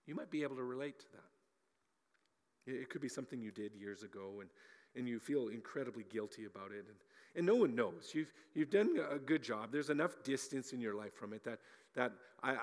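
A man preaching a sermon as a pastor, animated, often repeating words as he talks and acting out little scenes. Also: medium pitch, normal speed, long reverb tail.

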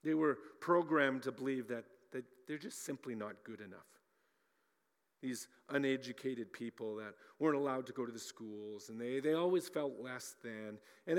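Male pastor preaching in an echoing hall. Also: mid-range voice. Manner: animated, repeats words often, acts out voices. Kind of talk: sermon.

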